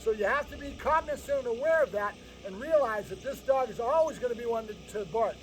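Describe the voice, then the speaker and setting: A man's voice: very high voice, expressive, fairly quick. A man working as a dog trainer, explaining training to owners in an emphatic, lecturing way, often checking in with "right?". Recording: distant mic with faint background noise.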